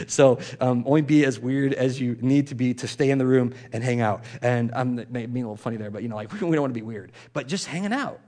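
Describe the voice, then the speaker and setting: A man preaching a sermon in a loose, conversational way, like he is chatting with his congregation. His voice sits in a middle pitch, and he scatters fillers and quick asides through the talk. When he recites prayers, he sinks to a soft, hushed voice. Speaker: pastor.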